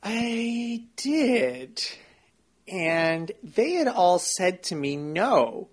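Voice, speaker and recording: A man playing a timid, slow-talking male deputy mayor in an improvised comedy, meek and eager to please. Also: high-pitched, big pitch swings, heavily acted. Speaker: improv guest.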